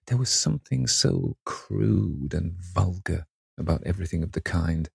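A man reading a classic novel aloud as audiobook narrator, in a measured, even manner. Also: deep voice, vocal fry, husky, dry recording, studio quality. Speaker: audiobook reader.

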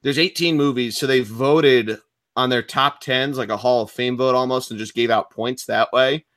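A young man co-hosts a sports podcast in a relaxed, rambling way and swears now and then. His voice sits in an ordinary middle pitch. The recording is close and dry, with no room sound. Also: moderate pace, no echo. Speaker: podcast co-host. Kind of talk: casual sports podcast chat.

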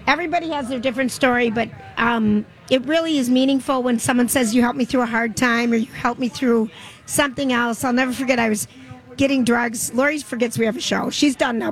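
A woman's voice: on the high side, low-quality recording. A woman co-hosting a radio show, chatting casually and teasing her co-host. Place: fair broadcast booth.

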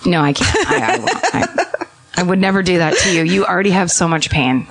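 A woman's voice: on the low side, big pitch swings, brisk. A woman co-hosting a podcast in casual chat, frank and joking, giving blunt advice. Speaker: podcast co-host.

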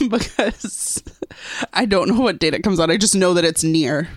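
Woman, podcast co-host, ranting and swearing, lowish pitch, dry recording. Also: measured pace, dry recording. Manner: ranting, profane, laughing. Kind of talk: casual podcast chat.

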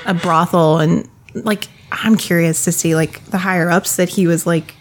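A woman's voice: lowish voice, steady tone, normal speed, slight background noise. A woman in casual podcast chat, speaking loosely with many "like"s. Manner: casual, peppered with "like".

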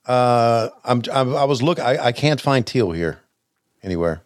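Older man, lively halting podcast chat. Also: mid-range voice, dry recording, studio quality. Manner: halting, stammering, chuckles often. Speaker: podcast host. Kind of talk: casual chat over old wrestling footage.

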